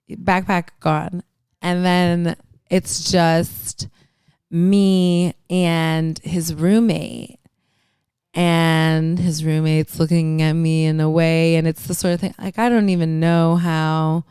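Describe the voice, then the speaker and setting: Woman podcast host in her twenties, personal storytelling, halting with lots of fillers; very smooth clear voice, dry close sound. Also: on the low side, darkish tone, no echo. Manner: halting, many fillers and restarts.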